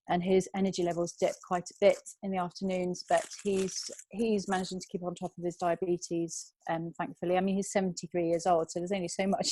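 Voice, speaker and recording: A woman's voice: mid-range voice, a little mellow, no room sound. A woman in her thirties, a guest telling a personal story on a video call, hesitant and emotional.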